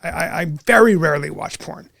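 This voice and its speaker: A man's voice: a little high, brisk, creaky, fairly bright tone, no echo, clean studio sound. A man hosting an interview podcast, talking in loose rambling sentences with many restarts. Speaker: podcast host. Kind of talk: casual interview chat.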